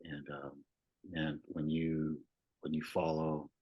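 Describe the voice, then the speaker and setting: Very deep husky man. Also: monotone, takes it slowly, darkish tone, rough recording. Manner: candid, loose, swears, many fillers. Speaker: podcast guest, veteran. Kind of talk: casual storytelling.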